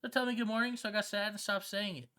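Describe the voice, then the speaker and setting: A streamer chatting casually with viewers on a live stream, slangy and excitable, swearing often and laughing a lot. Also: mid-range voice, fast talker. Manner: slangy, swears a lot, keeps saying "bro". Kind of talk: casual livestream chat with viewers.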